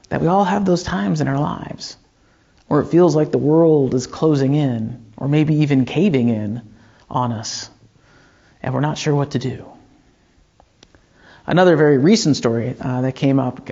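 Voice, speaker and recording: A man's voice: mid-range voice, gravelly, darkish tone, highs cut off. A man preaching a sermon as pastor, telling a story in a loose conversational way with frequent fillers and restarts.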